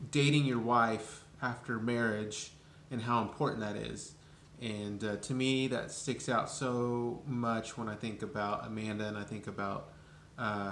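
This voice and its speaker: A man's voice: fairly low pitch, a bit bright, a little hiss or hum. A man giving a reflective birthday video message to a friend, speaking hesitantly with many uhs. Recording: echoey room.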